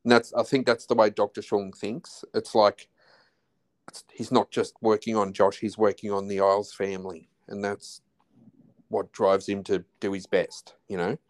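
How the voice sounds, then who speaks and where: A man's voice: lowish voice, little pitch movement, moderate pace. An Australian man in his forties, a podcast guest talking casually, often restarting and trailing off mid-phrase. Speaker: podcast guest, husband of host. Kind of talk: casual chat.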